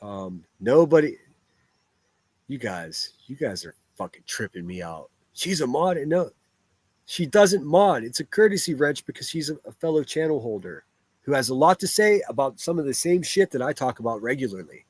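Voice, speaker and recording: A man in the middle of his pitch range, riffing in a combative, foul-mouthed livestream rant. He reads out viewer comments between jabs and sounds dry and close, with no room echo around him. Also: sing-song, moderate pace, slightly rough. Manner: profane, combative and blunt. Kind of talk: ranting livestream commentary, reading chat aloud.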